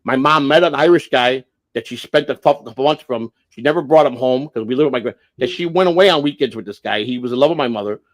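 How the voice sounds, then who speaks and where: A man's voice: mid-range voice, quick pace, few pauses. A man around sixty telling a family story on a livestream, blunt and profane, repeating and restarting as he goes. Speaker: livestream host.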